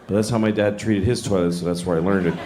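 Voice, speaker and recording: A middle-aged man doing live stand-up, telling stories deadpan and jumping into high-pitched voices. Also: fast. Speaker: stand-up comedian. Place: comedy club stage. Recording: echoey club with crowd noise.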